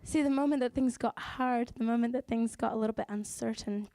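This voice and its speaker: A woman with a New Zealand accent preaching a sermon in church, telling the story with lively asides and acting out the voices of the people in it. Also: on the high side, fairly quick, no room sound.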